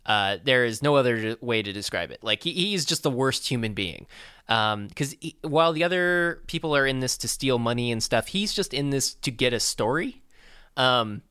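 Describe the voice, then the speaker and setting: This co-host's mid-range voice comes across expressive, bright, and forceful as he chats casually about a film. His recap halts repeatedly on ums and uhs. The sound is clean, dry, and studio-grade.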